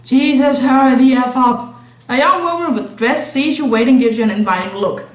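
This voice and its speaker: A woman's voice: high voice, moderate pace, roomy sound. A woman streamer reading a visual novel aloud with chatty asides between the lines. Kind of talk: casual game playthrough narration.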